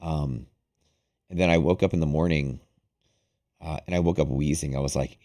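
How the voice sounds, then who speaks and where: Casual streamer host, young man, very deep voice, loose rambling storyteller. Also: moderate pace. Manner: rambling, animated, heavy use of "like". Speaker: day-trading livestream host. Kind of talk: casual storytelling to a live audience.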